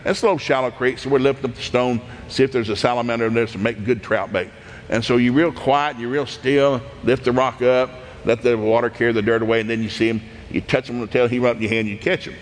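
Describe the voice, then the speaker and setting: A middle-aged man from East Tennessee, telling animated, folksy stories from his childhood, laughing often and acting out voices. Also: medium pitch, quick pace, in a large hall. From East Tennessee, USA. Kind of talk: folksy anecdotal storytelling.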